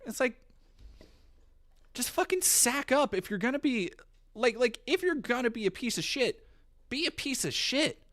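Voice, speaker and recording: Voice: mid-range voice, sing-song, fairly bright tone. A streamer ranting heatedly and profanely on their stream. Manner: profane, heated, fast rant. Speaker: commentary streamer.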